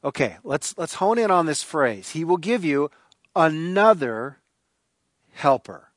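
A man's voice: on the high side, very animated, a little slow, dry recording. A man preaching a sermon, emphatic and repeating key phrases for stress. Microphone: recorded for online viewers.

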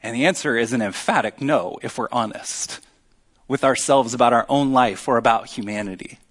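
A man preaching a sermon as pastor, earnest and teaching, with emphatic pauses. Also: mid-range voice, a bit bright.

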